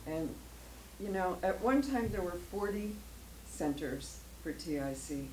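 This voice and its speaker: Older lady sharing her story at church, slow and emotional, laughs a lot, echoey hall with a bit of hiss. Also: fairly low pitch, expressive. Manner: emotional, rambling, laughs often. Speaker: guest speaker. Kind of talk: personal testimony talk. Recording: echoey room, faint noise.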